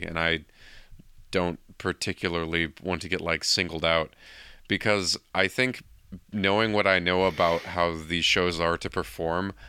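A man's voice: deep voice, pushed and bright, clean tone, dry recording, clean studio sound. A man co-hosting a podcast in casual chat, talking hesitantly with lots of fillers. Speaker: podcast co-host.

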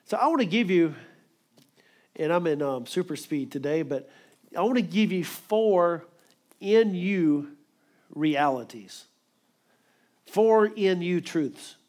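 Male preacher, slightly higher voice, emphatic, quick sermon delivery. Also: expressive, darkish tone.

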